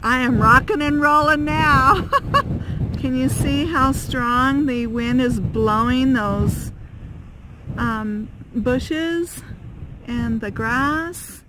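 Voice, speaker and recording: A woman with a fairly high voice, talking unhurriedly and rambling through a casual vlog inside her van. She fills gaps with ums and small laughs. A faint hiss of background noise sits under her voice. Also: drawn-out words. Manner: chatty, rambling, many fillers and laughs. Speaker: van-life vlogger.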